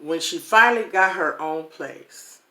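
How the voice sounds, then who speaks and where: A middle-aged woman telling a personal story to her viewers in a casual, animated way, calling them "y'all". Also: deep voice, measured pace. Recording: echoey room.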